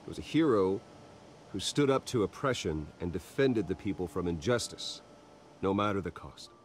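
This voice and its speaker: A deep-voiced, restrained billionaire heir. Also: male voice, lively intonation, slight background noise. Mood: earnest. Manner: measured, earnest, restrained. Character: wealthy young male heir, calm and guarded. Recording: game audio with faint music.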